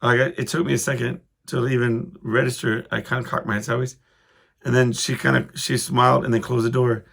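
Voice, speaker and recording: A man with a gravelly, creaky edge to his mid-pitched voice tells a story on his own podcast. He rambles, cuts himself off and restarts, and chuckles along the way. His tone stays loose and conversational. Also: flat delivery, fairly quick, a bit bright. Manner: rambling, self-interrupting, chuckling as he goes. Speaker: podcast host. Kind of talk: casual storytelling monologue.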